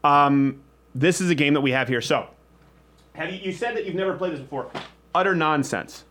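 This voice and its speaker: A man's voice: on the high side, moderate pace, a bit bright, slight background noise. A man hosting a casual studio show, joking and rambling with frequent restarts. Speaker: host.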